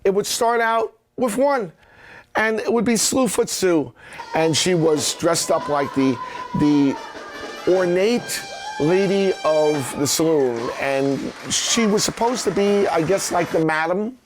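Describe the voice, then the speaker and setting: A middle-aged man casually telling rambling stories and acting out the lines people said in lively voices. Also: high-pitched, takes it slowly, over music. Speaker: prop collector recounting memories. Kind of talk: casual storytelling.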